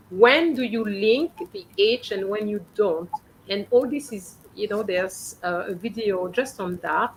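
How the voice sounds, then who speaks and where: A woman's voice: mid-range voice, slight background noise, poor audio. Patient French teacher woman correcting pronunciation. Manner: patient, corrective, checks understanding with frequent "okay?". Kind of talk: coaching students on reading aloud.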